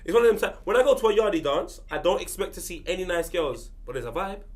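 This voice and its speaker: A man's voice: sits high, fast. Teasing man in football banter. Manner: animated storytelling, teasing. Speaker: panel regular.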